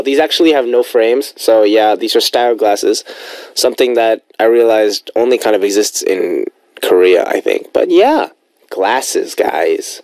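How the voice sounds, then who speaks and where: A man's voice: medium pitch, a little mellow, dry recording. Easygoing young man DJ, dry studio sound. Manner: rambling, easygoing, playful. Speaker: radio DJ. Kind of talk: casual radio chat reading listener messages. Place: radio studio. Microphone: studio microphone.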